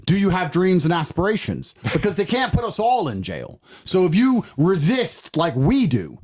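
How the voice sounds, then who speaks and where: Preachy high-voiced man lecturing. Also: big pitch swings, moderate pace, a little mellow, breathy edge. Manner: preachy, mock-lecturing delivery. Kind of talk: casual chat.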